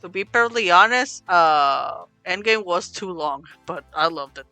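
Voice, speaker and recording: A woman co-hosting a casual talk podcast, blunt, excitable and swearing freely. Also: lowish voice, measured pace, no room sound, faint music behind. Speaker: podcast co-host. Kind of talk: casual chat.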